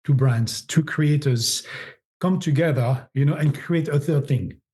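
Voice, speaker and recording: A man's voice: a little high, measured pace, a little mellow. A middle-aged man with a French accent, a guest in a podcast interview, talking animatedly and often repeating words as he searches for phrasing. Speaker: agency founder, guest.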